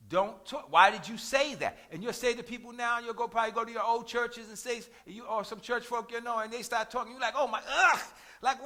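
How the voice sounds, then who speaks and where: Preacher guy, high bright voice, pushy, keeps repeating lines and calling for amens. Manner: call-and-response, repeats phrases for emphasis; rises to shouts at key points. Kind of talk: sermon.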